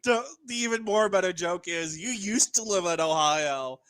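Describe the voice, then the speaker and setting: A young man co-hosting a podcast, chatting casually in an excitable way, swearing freely. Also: high-pitched, moderate pace, clean tone, no echo. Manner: excitable, swears, big laughs. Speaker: podcast co-host. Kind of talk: casual chat.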